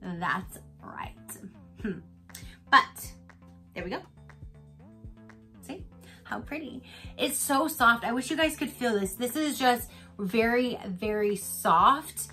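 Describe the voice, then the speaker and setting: A woman vlogger talks her way through an unboxing in a bright, slightly high voice. She is chatty and giggly and tells little stories between items. Soft music plays faintly behind her. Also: expressive, slow, pauses often. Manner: chatty and giggly, retells stories with lots of laughter. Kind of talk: casual unboxing chat. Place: home in Florida.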